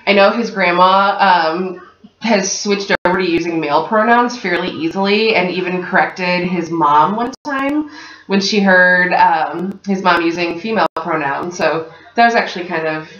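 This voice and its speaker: A woman's voice: on the low side, moderate pace, a bit bright. A woman hosting a casual vlog chat in an upbeat, affirming way. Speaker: vlog host. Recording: echoey room, dull lo-fi sound, faint noise.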